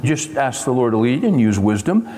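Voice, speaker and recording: A man's voice: mid-range voice, big pitch swings, moderate pace, warm tone, slight background noise. Older male preacher in a reverberant hall. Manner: folksy, conversational preaching with acted-out dialogue. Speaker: pastor. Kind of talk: sermon. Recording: long reverb of a large hall.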